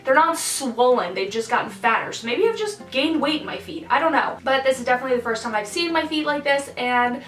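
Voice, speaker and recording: A young pregnant woman chatting casually to her viewers, full of "like" and quick asides. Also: high voice, reverberant, distant mic, soft background music, poor audio. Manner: chatty, lots of "like", animated asides. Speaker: vlogger. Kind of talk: casual pregnancy update vlog. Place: hot room indoors.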